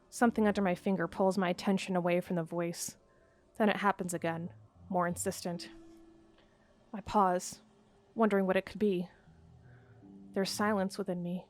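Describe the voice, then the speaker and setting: A woman hosting a let's play, reading a text game aloud in a calm, measured way and breaking off to chat hesitantly about it. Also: fairly low pitch. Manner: calm, measured narration, with hesitant, searching commentary.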